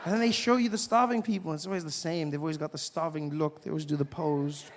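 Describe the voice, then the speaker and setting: Man, from South Africa, stand-up comedian, animated, live hall echo, noisy audience. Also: on the high side, quick pace. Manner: animated, mocking, acts out voices. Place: large theatre stage. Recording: live stage in a big hall, laughing audience.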